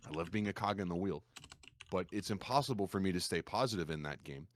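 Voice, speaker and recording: A man with a low voice, a streamer guest on a podcast, telling his stories in a lively, animated way. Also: fast talker, no echo. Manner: animated storyteller, acts out quoted gamers in a raised voice. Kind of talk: casual podcast conversation.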